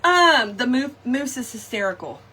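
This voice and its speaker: A middle-aged woman with a drawl chats to her viewers while she crafts, swooping up and down in pitch and laughing as she goes. Her voice is bright and a little higher than most, full of folksy slang. A faint hum of background noise sits under her talk. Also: normal speed. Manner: animated, laughing often, folksy slang, talks to viewers directly. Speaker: craft shop host. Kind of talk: live crafting chat with storytelling.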